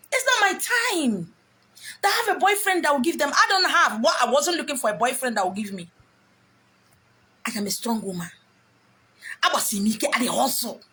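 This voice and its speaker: A middle-aged woman with a Nigerian accent gives her viewers a blunt telling-off. She drops into pidgin now and then. Her voice sits slightly high, and her tone stays scolding and direct. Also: very animated, normal speed, bright, forceful tone. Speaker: vlogger. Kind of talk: talking to camera, advice rant.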